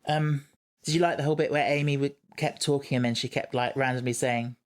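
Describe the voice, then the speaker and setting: A playful man co-hosting a podcast, giggling and teasing in easygoing banter. His voice sits at a middle pitch, warm with encouragement. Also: fairly even intonation, fairly quick. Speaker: podcast co-host. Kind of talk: casual chat.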